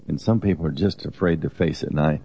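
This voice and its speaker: Deep, mellow-voiced man exhorting earnestly. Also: quick pace. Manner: earnest, exhorting, with repeated restarts. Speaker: co-host of a Christian teaching program. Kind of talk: conversational Bible teaching.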